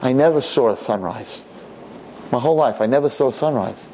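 A man's voice: mid-range voice, fairly quick, darkish tone, slight background noise, lightly acted, low-quality recording. A man voicing an old blind man in a nursing home who pleads and repeats himself insistently. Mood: tender, grateful.

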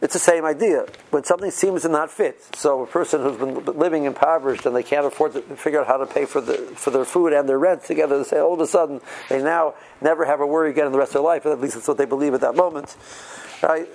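A man's voice: a little high, fast talker, darkish tone, slight background noise, low-quality recording. A man teaching an informal Torah lecture, conversational and full of rhetorical questions, with Hebrew terms mixed in. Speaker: rabbi teaching Torah class.

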